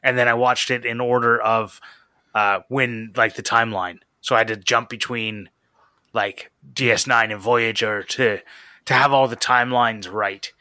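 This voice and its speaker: A young man chats on a podcast, firing off listener questions between jokes. His voice is bright and forceful. The sound is dry and close, with no room around it. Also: mid-range voice, fairly even intonation, dry recording. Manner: quick, joking, laughs easily. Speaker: podcast co-host. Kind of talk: casual chat reading listener questions.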